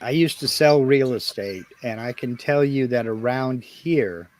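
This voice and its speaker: A man's voice: medium pitch, measured pace, a little mellow. A man chatting casually as a guest on a live stream, wry and talkative. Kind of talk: casual chat.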